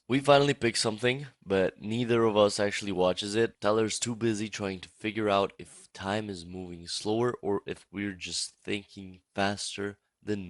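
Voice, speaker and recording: Low-voiced young man telling a funny story. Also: creaky, dry recording. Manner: casual, profane, exaggerated storytelling. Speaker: storytime YouTuber. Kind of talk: comic storytime narration.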